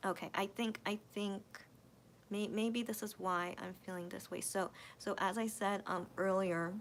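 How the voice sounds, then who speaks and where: Slight background noise accompanies a woman hosting a casual late-night livestream, where she reads viewer comments and thinks aloud with hesitation and many restarts. Her mid-range voice has fairly even intonation and a moderate pace, though she's emotional and it cracks near tears.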